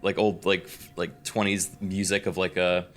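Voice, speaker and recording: A man's voice: low voice, level tone, moderate pace, a bit bright. A man in casual chat, rambling and laughing often. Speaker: co-host.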